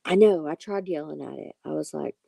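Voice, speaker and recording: A woman's voice: deep voice, fairly quick, vocal fry, warm tone, slightly rough, dry recording. A woman hosting a late-night tarot live stream, chatting casually and reassuring her viewers by name.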